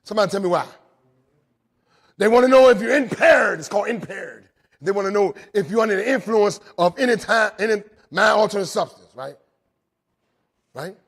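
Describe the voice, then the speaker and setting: A man telling his recovery story to a live audience in a jail, animated, swinging between loud and quiet and often checking in with "right?". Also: high voice, moderate pace, gravelly, long pauses. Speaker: recovery speaker. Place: jail, indoors.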